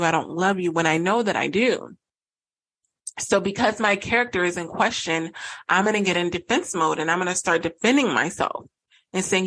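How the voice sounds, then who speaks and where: A woman in her thirties hosts a solo podcast in a slightly low voice. She explains in an earnest, conversational way. She voices both partners in an argument as she talks. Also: fairly bright tone, poor audio. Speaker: podcast host and relationship coach.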